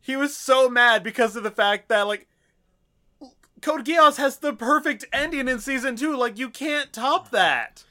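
A man in casual podcast chat, telling a story in a relaxed way with fillers. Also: very high voice, measured pace.

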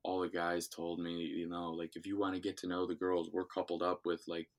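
Deep-voiced young man from Ohio. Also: fairly quick. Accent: Midwestern American. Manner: relaxed rambling with many fillers. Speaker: guest, former reality show contestant. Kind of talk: casual interview.

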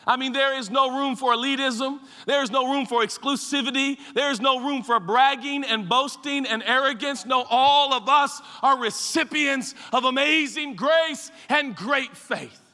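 A man preaching a sermon as pastor, swinging from shouted peaks to hushed, low asides. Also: normal speed, hardly any pauses. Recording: echoey hall with long reverb.

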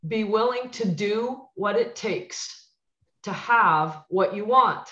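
Her voice is mid-range and slow, captured in a roomy, lo-fi recording. Once a basketball coach and now a coach for clients, she chats on a podcast, telling stories and lively voicing the dialogue with emphatic repeats.

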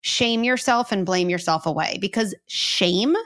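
A woman's voice: medium pitch, measured pace, fairly bright tone. A woman guest in a podcast interview, explaining step by step and guiding listeners through a simple exercise. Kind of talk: conversational interview.

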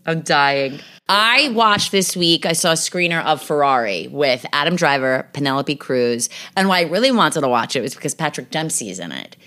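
Podcast host, woman, low voice, casual gossipy delivery, swears freely. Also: animated, moderate pace, hardly any pauses, sharp tone. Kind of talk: casual chat.

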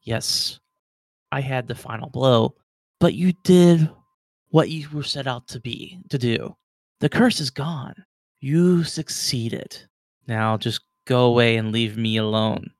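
A man voicing an ancient, weary guardian being who speaks slowly and softly. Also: mid-range voice, no echo. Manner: slow, soft, world-weary, dry.

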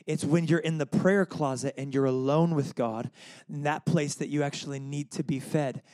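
A young man preaches in a loose, conversational way, with a slightly higher voice that swings up when he gets excited. He tells stories, chuckles often and calls out to the congregation for answers. The sound is dry and close, with little room echo. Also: moderate pace. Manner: animated storytelling with laughs and call-and-response. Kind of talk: casual sermon.

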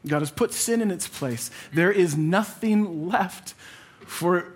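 A pastor in his thirties tells his congregation a personal family story, earnest and conversational, acting out the quotes. His voice is high-pitched with a breathy edge, and he speaks slowly.

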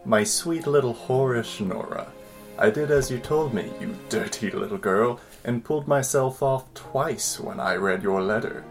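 A lusty early-1900s gentleman with a British accent savors each filthy word of his letter, drawing the phrases out slowly and dramatically. His voice sits at an ordinary middle pitch, as a male podcaster reads the letter aloud, and soft music plays faintly behind him. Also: close to an everyday voice. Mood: lustful. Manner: slow, lingering dramatic reading.

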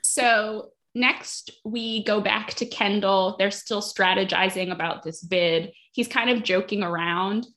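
A woman's voice: mid-range voice, steady tone, measured pace, few pauses, fairly bright tone. A woman co-hosting a podcast, chatting casually as she retells a TV episode scene by scene, acting out the characters' lines. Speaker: podcast co-host. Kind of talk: casual chat recapping a TV episode.

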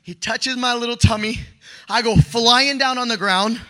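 Excitable young male storyteller, high-pitched and piercing, slangy, shouts at peaks. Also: moderate pace. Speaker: storyteller sharing a testimony. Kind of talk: animated personal testimony.

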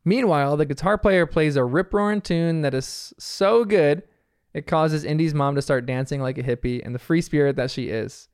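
A man's voice: on the high side, moderate pace, darkish tone, clean tone, no echo, clean studio sound. A man casually recapping a cartoon episode scene by scene, chatty and often laughing. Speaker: TV episode reviewer.

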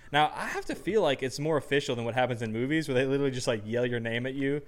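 A man's voice: mid-range voice, fast, few pauses. A man co-hosting a casual music podcast, rambling and joking with playful mock voices. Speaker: podcast co-host. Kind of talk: casual chat.

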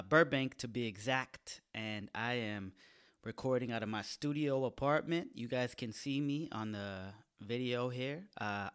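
A stand-up comedian hosting his own podcast from a small studio apartment, energetic, profane and mocking himself. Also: medium pitch, clear, resonant tone. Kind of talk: solo podcast intro monologue.

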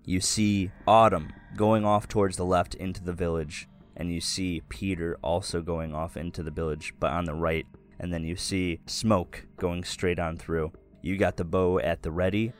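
A man's voice: deep voice, steady tone, normal speed, soft background music. A man narrating as game master, describing scenes loosely and improvising as he goes.

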